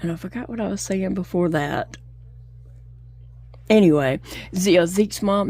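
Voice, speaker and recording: A woman's voice: on the low side, unhurried, long pauses, darkish tone, a little hiss or hum. A middle-aged woman, chatting casually and telling stories, laughing often as she crochets at home. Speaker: crochet vlogger. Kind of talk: casual chat while crocheting.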